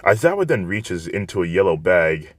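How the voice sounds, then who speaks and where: A man narrating a fan story in a plain, steady reading voice. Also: sits low, moderate pace, no echo.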